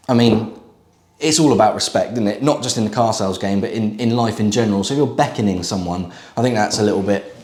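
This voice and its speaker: A middle-aged used car dealer tells a story to the camera in a casual, chatty way, packing in fillers and asides. His voice sits fairly low, with a darkish tone and a reverberant sound.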